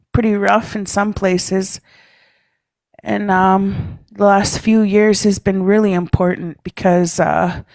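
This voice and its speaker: Woman, gravelly voice, relaxed storyteller at a leaders' meeting, tags lines with "eh?", clears throat often. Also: medium pitch, no echo. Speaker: speaker at a First Nations leaders' caucus. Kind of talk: personal talk to a meeting. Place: meeting room.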